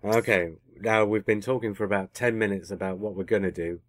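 A man co-hosts a podcast in casual chat, teasing his partner and frequently correcting himself partway through sentences. He speaks fairly quickly in a voice on the low side with fairly even intonation, and the recording is dry.

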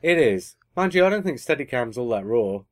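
A man's voice: medium pitch, big pitch swings, a little fast, dry recording. Chatty man with a dry voice. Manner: chatty, self-correcting, teasing. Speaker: podcast co-host. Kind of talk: casual chat.

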